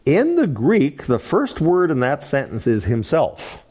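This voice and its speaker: Male Bible study teacher, animated delivery, engages the class with questions. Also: on the high side, measured pace. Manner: animated, asks the class questions, laughs lightly. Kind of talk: interactive Bible class lecture.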